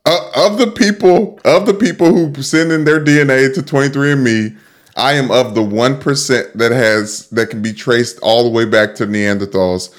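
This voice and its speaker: A man's voice: medium pitch, moderate pace. A young man co-hosting a sports podcast in casual chat, rambling with repeated words and frequent laughs. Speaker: podcast co-host.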